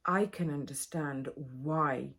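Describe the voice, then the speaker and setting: A woman speaks very slowly in a low, husky voice. Her talk is halting and soft, often drifting down to almost a whisper. She is a doctor speaking candidly in a personal vlog. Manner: slow, halting and soft-spoken, trailing into near-whispers. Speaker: vlogger and doctor.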